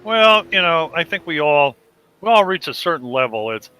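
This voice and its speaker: A man's voice: a little high, sing-song, moderate pace, pushed and bright, smooth. A man co-commentating a sim racing broadcast, talking candidly and rambling about his own driving. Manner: candid, rambling, self-deprecating.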